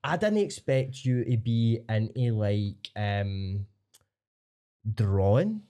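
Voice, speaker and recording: Animated man joking around. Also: fairly low pitch, takes it slowly, clean tone. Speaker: podcast co-host. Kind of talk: casual chat.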